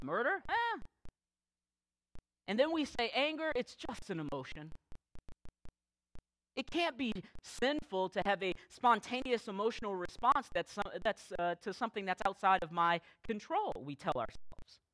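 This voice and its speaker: A man preaching a sermon as pastor, telling candid stories with dry, self-deprecating humor and slowing down to stress key phrases. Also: sits high, a bit bright, no echo, poor audio. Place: church service, recorded live.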